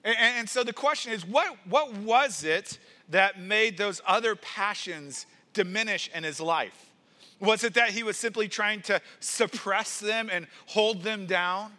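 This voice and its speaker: A man's voice: high voice, measured pace, sharp tone. A man preaching a sermon in an earnest style, stressing points and often repeating words as he builds emphasis. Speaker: pastor.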